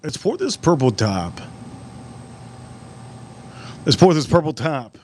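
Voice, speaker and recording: A man hosting a live stream outdoors at a barbecue, chatting casually and rambling through animated stories. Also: on the high side, takes it slowly, slight background noise.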